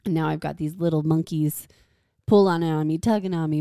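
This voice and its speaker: A young mom with a low, mellow voice tells stories on a podcast, playing every part of the conversation with lively energy. She is heard close and dry. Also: normal speed, smooth, no room sound. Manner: animated storyteller who acts out quoted dialogue. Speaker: podcast co-host. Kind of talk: casual chat.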